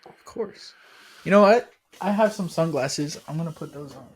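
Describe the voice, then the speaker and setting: A man's voice: a little high, normal speed, slight background noise. A man co-hosting a podcast, easygoing and leading the questions in casual chat. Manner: easygoing, laughs along, leads the questions. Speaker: podcast co-host.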